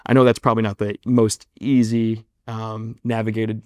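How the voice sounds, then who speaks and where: A man's voice: lowish voice, little pitch movement, moderate pace, warm tone, no room sound, studio quality. A man in his twenties, a guest actor, telling a long story in a casual interview, rambling and self-deprecating with many fillers and restarts.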